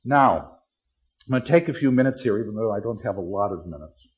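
A middle-aged man teaching literature, lecturing with lively, dramatic delivery and acting out lines of verse. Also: lowish voice, a little fast, muffled recording. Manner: animated, acts out lines dramatically.

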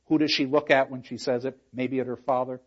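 A man lecturing on literature, reading lines aloud dramatically and talking to his class with animated, emphatic asides. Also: mid-range voice, fairly quick, dull audio.

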